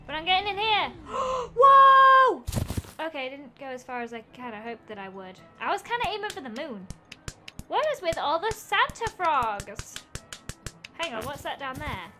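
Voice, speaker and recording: Young woman, bright, sharp voice, high and bouncy, giggly game commentary, faint music behind. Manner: giggly, exclaiming, talks to the game. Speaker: gaming YouTuber. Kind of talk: casual let's-play commentary.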